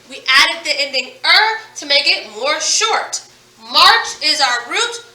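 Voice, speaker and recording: A woman teaching a phonics lesson, stretching out words slowly and praising her students often. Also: high-pitched, sharp tone, distant mic. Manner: slow, stretched-out word modeling with encouraging praise. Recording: echoey room, voice from off-mic.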